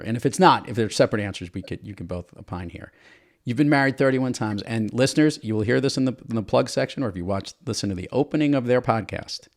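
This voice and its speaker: Male podcast host, casual interview, upbeat, jokey, mid-pitched voice. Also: a little mellow. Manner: upbeat, jokey, asks rapid questions.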